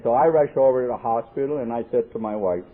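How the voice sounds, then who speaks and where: A man's voice: medium pitch, fast talker. Man telling jokes on an old tape. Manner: folksy, joking storyteller acting out dialogue. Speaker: AA convention speaker. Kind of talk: storytelling recovery talk. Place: convention hall. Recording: tinny lo-fi 1979 tape, faint hiss.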